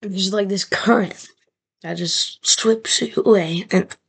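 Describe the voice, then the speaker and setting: A woman's voice: medium pitch, slow pace, vocal fry, breathy edge. A young woman vlogger telling a rambling, profane story straight to her camera, full of fillers.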